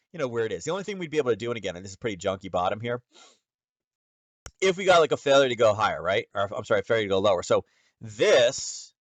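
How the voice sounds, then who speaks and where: A man's voice: lowish voice, dry recording. A man hosting a casual trading lesson, talking through charts in a rambling, conversational way with many fillers and self-corrections. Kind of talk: casual screen-share lesson.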